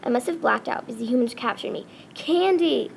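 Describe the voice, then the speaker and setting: A woman reading a first-person story aloud, halting and often restarting words. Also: on the high side, gravelly, fairly bright tone, slight background noise. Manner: halting, with frequent restarts and self-corrections.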